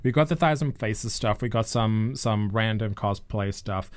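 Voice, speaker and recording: A man's voice: on the low side, normal speed, dry recording. A man co-hosting a casual podcast, rambling with lots of fillers and frequent laughs. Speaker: podcast co-host. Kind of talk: casual chat.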